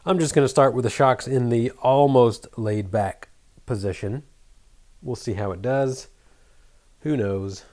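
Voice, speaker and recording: A middle-aged man with a faint, mostly flattened Southern American accent, chatting casually and muttering to himself while working at a bench. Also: medium pitch, unhurried, pauses often. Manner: rambling, self-deprecating, mutters while working. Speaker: hobby shop owner building an RC truck.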